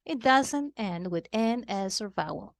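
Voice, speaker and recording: Slow, patient woman teaching kids. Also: medium pitch, expressive, dry recording, clean studio sound. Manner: patient, repeats terms, switches between Spanish and English. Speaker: Spanish teacher. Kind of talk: slow explanatory lesson for kids.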